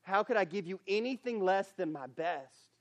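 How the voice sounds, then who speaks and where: High-voiced earnest man preaching. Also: animated, normal speed, no echo. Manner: earnest, building to emphatic preaching; repeats himself, restarts phrases. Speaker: camp speaker. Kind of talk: sermon.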